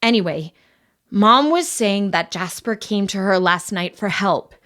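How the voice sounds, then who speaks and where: A woman voicing a friendly, nervous boy in a lower, hushed and hesitant voice. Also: lively intonation, unhurried.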